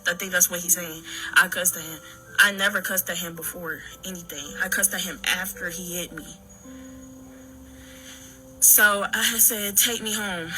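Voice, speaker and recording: A woman recounting her own story in halting, earnest talk full of restarts and fillers. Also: lowish voice, sharp tone, rough recording. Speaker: daughter telling her story. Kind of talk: personal account.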